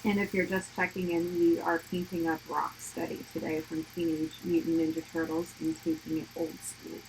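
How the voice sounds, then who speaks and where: A woman's voice: sits low, flat delivery, moderate pace, heavy background noise. A woman co-hosting a livestream, chatting casually and filling her sentences with "like". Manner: chatty, fills with "like" often. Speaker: livestream co-host. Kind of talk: casual chat.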